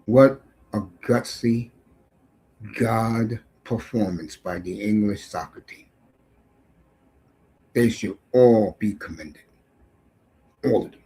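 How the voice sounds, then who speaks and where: A middle-aged man hosting a sports talk show, giving a brash, profane casual rant that swings between shouts and mutters. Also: on the low side, slow, pauses often, low-quality recording.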